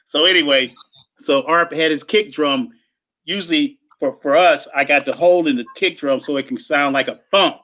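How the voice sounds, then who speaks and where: A man telling lively stories in casual chat, imitating drum sounds and voices and laughing often. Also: fairly high pitch, moderate pace. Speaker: guest drummer telling stories.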